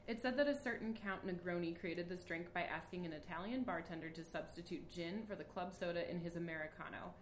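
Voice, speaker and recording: A woman's voice: lowish voice, fairly quick, hardly any pauses, reverberant, slight background noise. A woman hosting a podcast in casual chat, laughing often and reading passages aloud. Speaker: podcast host.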